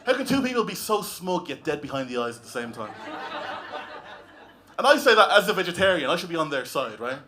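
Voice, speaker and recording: A man's voice: on the high side, sing-song, a little fast, bright, forceful tone. An Irish man doing a stand-up comedy set on a club stage, talking in a wry, conversational way with lots of tag questions. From Ireland.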